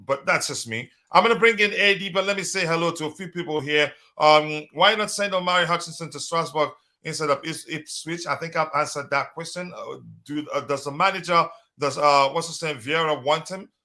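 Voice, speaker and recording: A man's voice: on the high side, fairly quick, few pauses, pushed and bright. A man hosting a casual live stream, talking loosely with many fillers and restarts. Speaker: podcast host.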